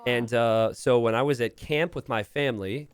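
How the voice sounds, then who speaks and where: A man's voice: mid-range voice, normal speed, clear, resonant tone. A young man from Pennsylvania casting a strategy game on a live stream, rambling casually and chatting with viewers. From Pennsylvania, USA. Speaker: game caster.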